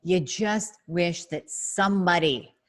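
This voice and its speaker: A woman's voice: lowish voice, slow. A middle-aged woman hosting a podcast, talking casually and bluntly on her own, with emphasis, acting out little scenes for her listeners. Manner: blunt, emphatic, acts out scenarios. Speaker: podcast host. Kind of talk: casual solo talk.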